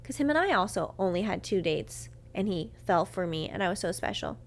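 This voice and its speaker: A woman hosting a podcast shares a candid personal story, cursing freely and lurching from quiet murmurs to loud outbursts as she acts out how she reacted. Her medium-pitched voice is sing-song and fairly quick, with slight background noise.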